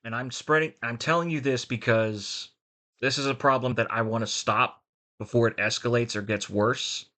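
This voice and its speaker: Bright-voiced rambling male vlogger. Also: medium pitch, fairly even intonation, moderate pace. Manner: rambling, frank, with restarts. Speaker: voice actor and vlogger. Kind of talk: rambling casual vlog.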